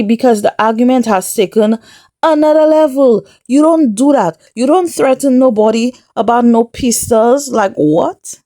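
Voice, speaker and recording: A recap vlogger with a mellow, slightly high voice goes over a reality show at a moderate pace, chatty and amazed, laughing as she goes. The studio-quality recording has no room sound.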